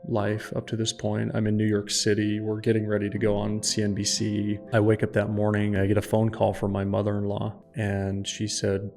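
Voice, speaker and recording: Podcast guest: gravelly man, flat earnest delivery, speaks with conviction. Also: fairly low pitch, fairly quick, hardly any pauses, soft background music. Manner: emphatic, earnest, declaring. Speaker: podcast guest, startup founder. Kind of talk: personal storytelling.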